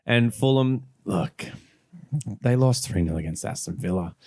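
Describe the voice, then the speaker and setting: A man's voice: medium pitch, expressive, unhurried, darkish tone, no echo, studio quality. A man co-hosting a casual fantasy football chat podcast. He leads the segments, makes jokes and swears casually. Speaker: podcast co-host.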